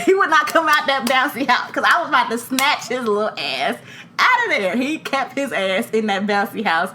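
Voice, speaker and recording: A woman, co-hosting a casual chat podcast, telling loud, animated stories with blunt profanity. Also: on the high side, brisk, a little hiss or hum. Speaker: podcast co-host.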